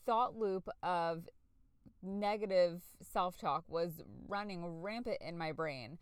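Middle-aged woman podcast host, candid reflective monologue, smooth clear tone, dry close-miked sound. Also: fairly low pitch, slow pace, no room sound. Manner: candid, searching, with fillers and self-corrections.

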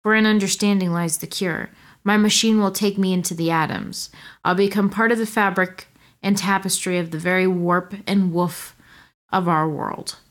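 Woman co-reading a story aloud, playful, takes the dialogue slow and keeps asking questions. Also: lowish voice, steady tone. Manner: playful, asks questions, reads her part slowly. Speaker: co-reader of a story. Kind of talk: casual reading aloud with banter.

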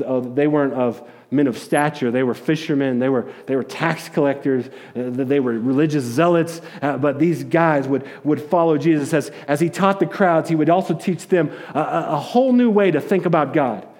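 A man preaching a sermon, retelling a story in a casual, animated way with jokes and acted-out quotes. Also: medium pitch, moderate pace, few pauses. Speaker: pastor.

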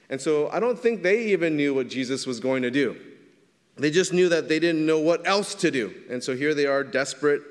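A man preaching a sermon in a casual, conversational way, often checking in with his listeners. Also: fairly high pitch. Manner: conversational preaching, frequent "right?" asides. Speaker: pastor. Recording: long reverb of a large hall.

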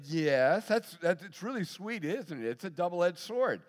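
A middle-aged man, a pastor, preaching a sermon and telling a personal story, animated and acting out voices. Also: sits high, moderate pace, hardly any pauses. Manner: animated storyteller, acts out voices, laughs often. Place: large church hall. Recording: long hall reverb.

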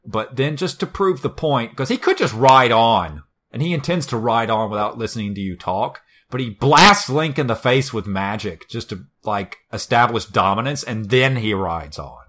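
A man's voice: medium pitch, animated, normal speed, few pauses, fairly bright tone. A man co-hosting a podcast, retelling a story in casual chat, wry and full of swearing. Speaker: podcast co-host.

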